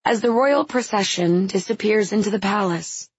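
A woman narrating a story in the first person, with a measured, expressive reading. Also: mid-range voice, husky, dry recording, dull audio. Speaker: audiobook narrator.

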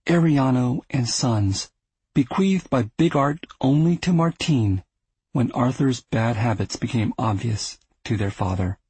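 A man reading a literary novel aloud in a measured, steady narration. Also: mid-range voice, slightly rough, no room sound, rough recording. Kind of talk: scripted audiobook narration.

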